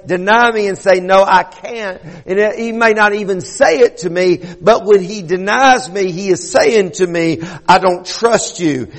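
High-voiced preaching man in a hall. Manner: earnest preaching with frequent stammered repeats. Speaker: pastor. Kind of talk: sermon.

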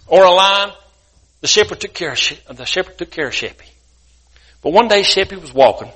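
A guest preacher tells a sermon story in a folksy, colloquial style. His voice is a little high and comes across bright and forceful. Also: lively intonation, brisk.

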